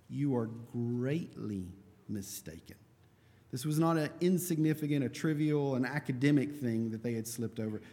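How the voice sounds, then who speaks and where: A man's voice: medium pitch, mellow, long reverb tail. A man teaching a Bible class in an earnest way, asking questions and answering them himself.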